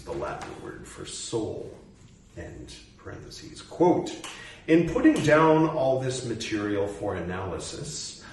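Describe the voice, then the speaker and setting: A man reading a text aloud and stopping often to muse over it and question it in a casual way. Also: medium pitch. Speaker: reader and commentator. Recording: roomy echo, distant mic, faint noise.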